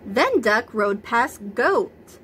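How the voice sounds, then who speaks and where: A woman reads a picture book aloud to preschoolers, taking her time over each line. She speaks gently and keeps stopping to ask the children questions, in a fairly high voice. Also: very animated, extremely slow, slight background noise.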